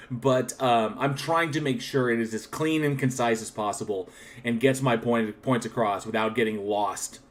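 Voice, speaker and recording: Man, livestream host, casual chat, shoutouts to viewers, restarts often, middle pitch. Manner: chatty, thanks viewers one by one, frequent restarts; reflective and candid about his channel.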